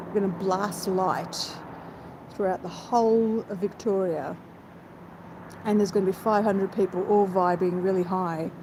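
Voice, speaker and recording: A woman chatting with viewers on a live stream, rambling with quick asides. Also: medium pitch. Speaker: vlogger. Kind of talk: casual live chat while travelling. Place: inside a moving car. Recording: road noise from the car. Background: vehicle noise.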